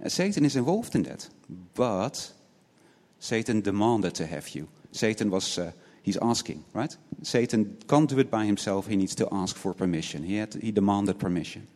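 A man with a fairly low voice preaches an earnest sermon, firing off rhetorical questions and tagging points with "right?". He often repeats words as he restarts a thought. His voice carries a long reverb, as in a church hall. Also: animated, normal speed, few pauses, darkish tone.

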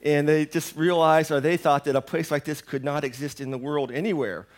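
Sick with a sore throat and medicated, this thirty-something pastor rambles through a chatty sermon at church, poking fun at himself along the way. He talks fairly quickly in a slightly high, steady voice.

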